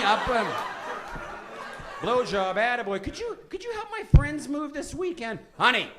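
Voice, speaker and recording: A man's voice: very high-pitched, sing-song, moderate pace, background noise. A middle-aged man doing a stand-up comedy set on a club stage, talking emphatically and repeating "listen" to hold the crowd. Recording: live club with crowd laughter. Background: audience laughing and reacting.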